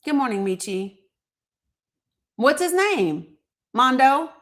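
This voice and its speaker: Woman host, middle-aged, blunt and profane, slightly high voice, chatty sarcastic commentary. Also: big pitch swings, slow, a bit bright. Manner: blunt, profane and sarcastic, greeting chat viewers. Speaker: live-stream host. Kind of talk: casual political commentary stream.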